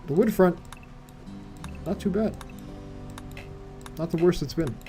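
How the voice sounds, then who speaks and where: A man's voice: sits high, slow, warm tone, soft background music. A man streaming a game live, muttering to himself in casual commentary full of wry asides and rhetorical questions.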